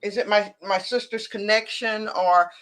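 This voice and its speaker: A woman host with a bright, crisp voice guides a casual conversation over a video call. She listens attentively and drops in frequent soft affirmations. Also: medium pitch, steady tone, a little slow, low-quality recording.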